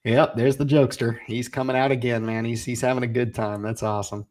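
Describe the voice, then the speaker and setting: A man in his forties hosting a casual livestream, reading viewer comments and urging them on in an energetic, folksy way. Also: mid-range voice, brisk. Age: 40s. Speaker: livestream host.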